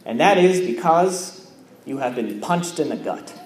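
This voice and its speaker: A man preaching a sermon as pastor, measured and emphatic, with repeated phrases and pauses. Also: mid-range voice, lively intonation, echoey room, a little hiss or hum. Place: church.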